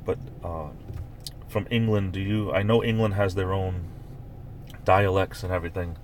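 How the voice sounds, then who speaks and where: A man's voice: low voice, fairly even intonation, moderate pace, slight background noise. A man with a Northeastern US accent hosting a casual live stream from a parked car, rambling and reading viewer comments aloud. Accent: Northeastern US, New York-like. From Northeastern United States.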